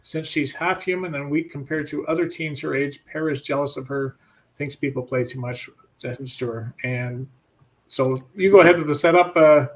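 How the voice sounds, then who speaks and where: Brief: middle-aged male host, slightly high voice, chatty and self-deprecating. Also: normal speed. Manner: laughing, stumbling over names. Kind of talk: casual livestream chat.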